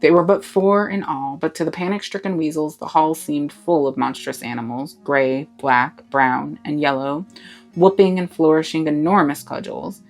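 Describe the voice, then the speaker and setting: A woman reading a classic novel aloud with expressive narration. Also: low voice, normal speed, faint music behind, low-quality recording. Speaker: storybook reader.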